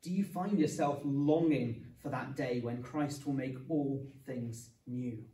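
A man's voice: mid-range voice, slow, dark tone. Man preaching in an echoey church hall. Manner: earnest, explanatory, with light humour. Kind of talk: sermon. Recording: echoey church room from a distance.

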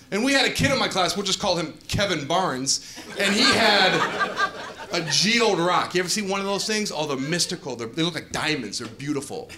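A man performing a stand-up comedy set on a club stage, telling stories with playful asides to the crowd. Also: high voice. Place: comedy club stage before a live audience. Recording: echoey club with clear audience noise.

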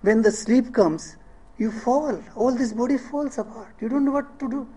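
A man's voice: very high-pitched, normal speed, dark tone, husky, rough recording. A middle-aged man with an Indian English accent giving a public lecture, often asking the audience questions and checking in with "eh?". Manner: rhetorical questions, asks audience "eh?".

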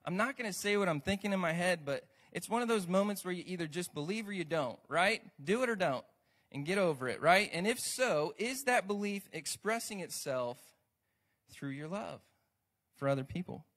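Brief: American male pastor, high voice, lively conversational sermon delivery. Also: normal speed. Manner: lively, conversational preaching with asides to the congregation.

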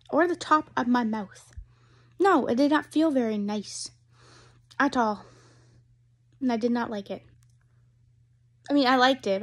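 In a taste-test vlog recorded indoors at home, a young woman with a fairly high voice chats casually, rambling and giggling. Her voice is slightly hoarse, as though she's losing it.

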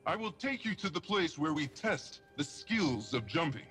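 An actor playing a young, earnest alien guardian in a video game, speaking formally and with measured care. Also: male voice, a little high, animated, fairly bright tone. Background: game music.

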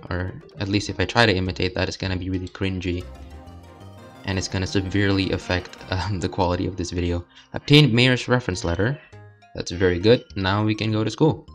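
A man's voice: deep voice, little pitch movement, fairly quick, faint music behind. A young man casually commenting while playing a video game, rambling and hesitant with lots of filler words. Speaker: let's play host.

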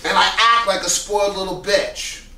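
A male acting teacher talks loudly and with animation, swearing freely and checking in with rhetorical questions. His voice is high and bright. The sound is roomy and picked up from a distance. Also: moderate pace, vocal fry. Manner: loud, animated, profane, full of rhetorical questions. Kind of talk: casual coaching talk. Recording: echoey room, distant mic.

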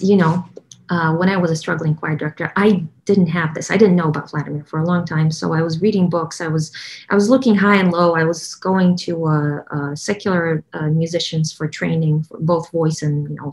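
A woman's voice: fairly low pitch, a little mellow. A woman with a Russian accent talking casually as a choir director, with many fillers and restarts. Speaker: choir director promoting a training program. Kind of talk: casual promotional talk.

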